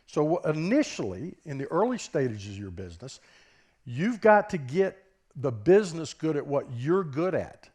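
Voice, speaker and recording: A man's voice: a little high, very animated, moderate pace, darkish tone. A man with a Southern US accent giving a conference keynote as a business professor, talking conversationally and often checking in with the audience through rhetorical questions, on a stage microphone.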